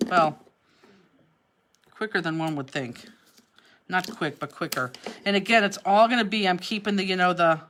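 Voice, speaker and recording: A woman's voice: fairly low pitch, fairly bright tone, a little hiss or hum. A woman teaching a live online paper craft class, giving chatty step-by-step instructions.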